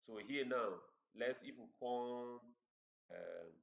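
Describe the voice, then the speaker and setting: Halting man teaching code. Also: medium pitch, creaky. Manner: halting, repeats words while explaining. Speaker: coding instructor. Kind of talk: screen-share coding tutorial. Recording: roomy, dull lo-fi recording.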